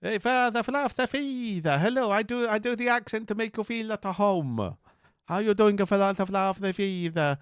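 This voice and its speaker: A bouncy, high-pitched mock accent, as a streamer puts it on, every greeting sung up with eager warmth. The sound is close and dry, with no room around it. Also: male voice, normal speed, clear, resonant tone, dry recording, close to an everyday voice. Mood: playful. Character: man doing a mock foreign accent greeting.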